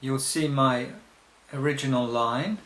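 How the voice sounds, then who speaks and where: Man, songwriting teacher, unhurried, explains step by step, pauses often. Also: medium pitch, a bit bright. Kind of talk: recorded teaching demonstration. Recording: echoey room.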